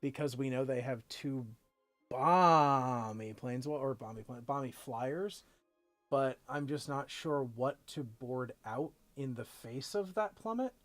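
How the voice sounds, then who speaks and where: A man's voice: mid-range voice, measured pace, a little mellow, faint music behind. A man live-streaming a card game, casually thinking aloud with playful jokey asides. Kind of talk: casual gameplay commentary.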